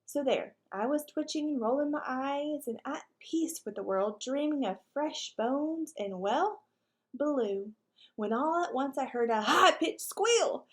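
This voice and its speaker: A woman reading a children's book aloud with lively, expressive storytelling. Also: high voice, measured pace. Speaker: reader.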